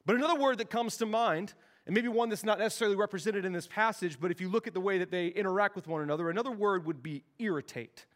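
A man's voice: sits high, fast, long reverb tail. A man in his forties, a youth pastor, preaching a sermon in a joking, storytelling way and acting out bits of dialogue.

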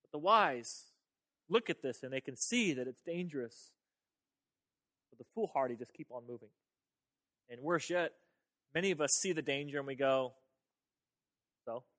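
Pastor guy preaching, chatty, repeats himself a lot, kinda high voice for a man. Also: lively intonation, normal speed, long pauses, pushed and bright. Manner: conversational, repeats words, talks to the audience directly. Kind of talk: sermon.

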